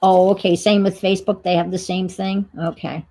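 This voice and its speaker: A woman's voice: on the low side, flat delivery, moderate pace, dark tone, low-quality recording. A woman hosting a casual crafting stream, thinking aloud and rambling in a self-deprecating way as she works. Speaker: crafting livestream host. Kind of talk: casual chat while crafting.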